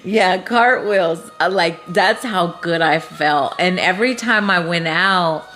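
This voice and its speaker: A woman with a fairly low voice, talking in a loose, rambling way to her online audience. Her speech is full of swearing and frequent laughter. Faint music plays behind her. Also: slow pace, a bit bright. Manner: profane, rambling, laughs often. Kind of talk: casual livestream chat.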